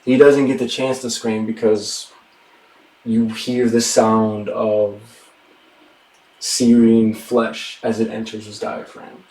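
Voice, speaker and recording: Slow-talking man narrating as game master. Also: fairly low pitch, little pitch movement. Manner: slow, hushed, deliberate narration. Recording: roomy sound from a distant mic.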